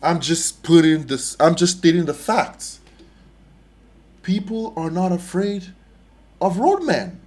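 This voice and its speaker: A young man hosting a casual reaction video, telling stories emphatically and laughing often. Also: a little high.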